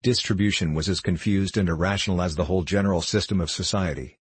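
A male audiobook narrator reading in a steady, measured way. His voice is very low with a husky grain. The recording is dry and close, with no room sound. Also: no echo.

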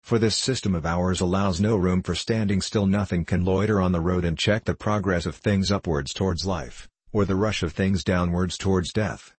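A man narrating an adventure novel in a solemn, measured storytelling manner, recorded close on a studio mic. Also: low voice, fairly even intonation, husky, no echo. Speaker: audiobook narrator.

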